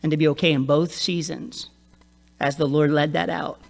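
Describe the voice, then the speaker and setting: A man's voice: fairly high pitch, fairly even intonation, normal speed, vocal fry. A middle-aged male pastor preaching a sermon in a conversational way, often checking in with the congregation. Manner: conversational, laughs often, frequent "right?" tag.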